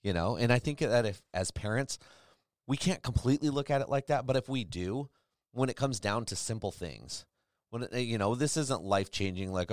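A man's voice: on the low side, fairly quick, dry recording, clean studio sound. A man in his forties hosting a casual chat, rambling and acting out quotes as he tells stories. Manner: rambling, animated storyteller who acts out quotes. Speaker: podcast host.

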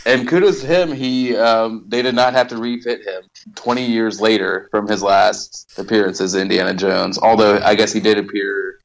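A man's voice: lowish voice, level tone, normal speed, gravelly, few pauses, low-quality recording. A man co-hosting a podcast, reviewing a film in a wry, hesitant way with many ums. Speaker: podcast co-host. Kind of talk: casual film review chat.

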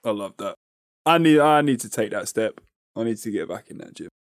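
A man's voice: on the low side, lively intonation, a little fast, no echo, some chatter behind. A young man with a London accent, co-hosting a podcast in laid-back, slangy banter. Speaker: podcast co-host. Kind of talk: casual chat. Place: small back room at home.

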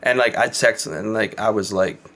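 At normal speed, a man with a fairly low pitch and fairly bright tone chats casually on a podcast. He's an adult with kids in recovery, speaking candidly and rambling with plenty of fillers and occasional swearing.

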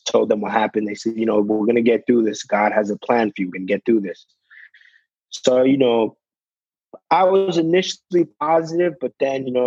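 A man's voice: mid-range voice, a little mellow, husky, dry recording, dull audio. A young man, a basketball player, talking in a casual interview, leaning on "you know" and acting out what people said to him. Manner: fills with "you know", acts out quotes.

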